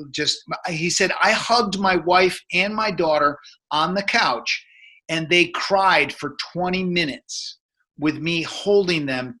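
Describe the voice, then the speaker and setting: A man's voice: on the high side, sharp tone. A man in his fifties, a men's coach, telling a story in casual conversation, rambling with many fillers and restarts.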